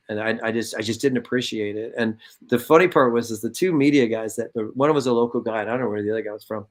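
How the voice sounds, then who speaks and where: A man in his fifties from California, telling stories in a casual interview, animated and profane, acting out what people said. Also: mid-range voice, fast, few pauses. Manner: animated, profane, acts out quotes. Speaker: guest, former soccer player.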